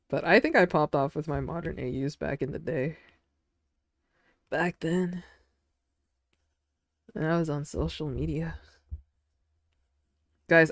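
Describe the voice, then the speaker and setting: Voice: mid-range voice, dry recording, studio quality. A streamer chatting casually with their audience while drawing. They ramble with lots of fillers and giggle often.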